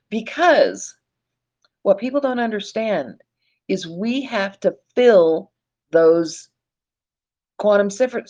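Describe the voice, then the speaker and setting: A woman's voice: medium pitch, a little mellow. Emphatic woman lecturing on dull audio. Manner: emphatic, addresses listeners as folks, swears casually. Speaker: online presenter. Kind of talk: animated teaching monologue.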